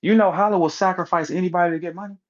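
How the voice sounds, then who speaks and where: Guy going off in a ranting commentary, jumps up loud then drops low, muffled lo-fi audio. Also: very fast. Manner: animated, emphatic, repeats words, acts out quotes. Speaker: battle rap commentator.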